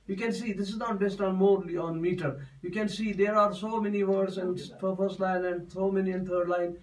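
A man's voice: sits high, steady tone, brisk, few pauses, far from the mic, rough recording. A man giving a classroom poetry lesson, explaining step by step and repeating himself often. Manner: repetitive, explains step by step with many restarts. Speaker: teacher.

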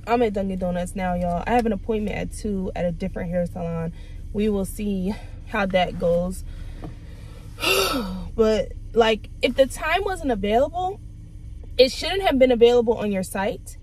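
A woman's voice: on the high side, poor audio. A young woman, venting exasperated rants to her vlog camera from her car. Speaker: vlogger.

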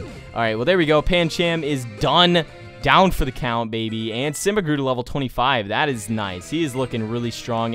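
A man hosting a video game let's play, talking straight to his viewers with jokey, excitable commentary. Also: mid-range voice.

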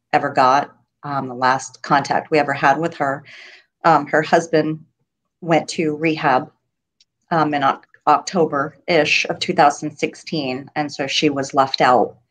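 Low-voiced grieving mother, halting speech. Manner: halting, many ums, voice breaking with grief. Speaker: guest, mother of a murder victim. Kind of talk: emotional interview.

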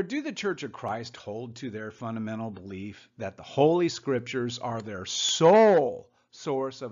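A man's voice: medium pitch, darkish tone, muffled recording. A man teaching the Bible informally over slides. He speaks in a sarcastic, hesitant way, with many "uh"s and mocking asides.

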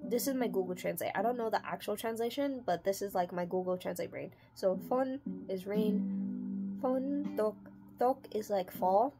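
A woman hosting a casual unboxing vlog, chatty and halting, slowly sounding out words as she goes. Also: medium pitch, music in the background. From United States. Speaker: channel host.

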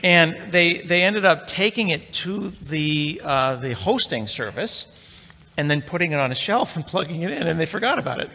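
A middle-aged man on stage, a bit high-pitched, with a bright and forceful voice. He tells a tech story in a chatty, joking way and talks straight to the audience. His voice rings with the long reverb of a large conference hall. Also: lively intonation, normal speed, creaky, a little hiss or hum. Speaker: conference speaker. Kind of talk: live tech talk, anecdotal storytelling.

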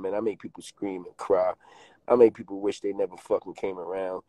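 A man's voice: low-pitched, fairly even intonation, a little fast, dark tone, dry recording, low-quality recording. A man doing mocking, taunting roast commentary on a stream, laughing at his target.

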